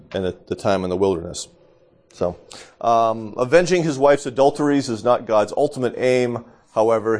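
Conversational male pastor teaching informally. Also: on the low side. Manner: conversational, often asks "okay?" and laughs. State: slightly congested from allergies.

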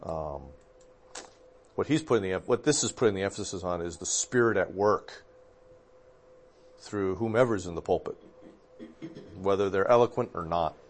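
Low-voiced relaxed pastor talking theology. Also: male voice, moderate pace, pauses often. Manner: relaxed, rambling, with fillers and self-corrections. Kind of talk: casual theological discussion.

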